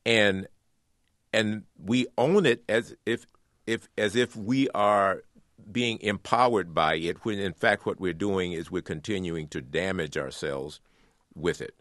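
Earnest low-voiced man, dry studio. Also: measured pace, a bit bright, no room sound. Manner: earnest, repeats words while building a point. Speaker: author and guest. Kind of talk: radio interview.

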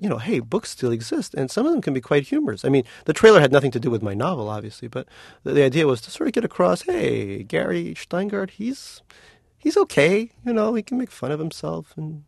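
A man being interviewed as a novelist, talking in an animated, joking way and laughing often. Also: mid-range voice, vocal fry, no room sound, clean studio sound. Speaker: novelist guest. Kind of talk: casual interview chat.

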